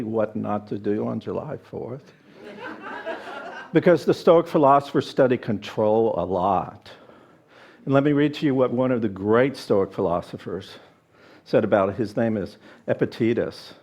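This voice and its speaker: Man minister telling a joke, mid-pitched. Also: darkish tone, slightly rough, muffled recording. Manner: jokey storyteller, reflective when teaching. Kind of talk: sermon with jokes and readings. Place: spiritual center service before a live audience.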